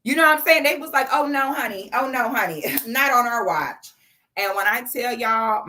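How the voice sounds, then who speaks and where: A woman in her thirties is hosting a casual live stream, her medium-pitched voice fairly bright. She's effusive and chatty, reading viewers' messages aloud and thanking each one by name.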